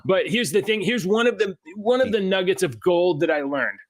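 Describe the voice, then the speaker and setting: Chatty man, a touch high, dry close mic. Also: lively intonation, normal speed, dry recording. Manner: rambling, self-interrupting, laughs often. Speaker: podcast co-host. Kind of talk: casual chat.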